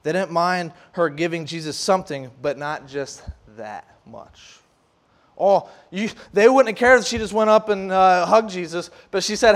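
A youth leader delivers a loose, conversational sermon, his voice sitting high at a moderate pace. He's animated, acting out the voices of scoffers, and his preaching is full of fillers and restarts.

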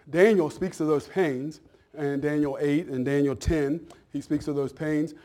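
A man's voice: a little high, steady tone, moderate pace, darkish tone. A man preaching a sermon as pastor in a church, talking in a folksy, conversational way, repeating words and checking in with his listeners. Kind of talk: sermon and Bible class announcements.

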